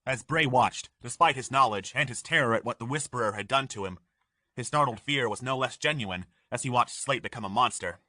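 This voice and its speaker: A man narrating an audiobook in measured storytelling, recorded on a studio microphone. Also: mid-range voice, pushed and bright, no room sound. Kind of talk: scripted narration.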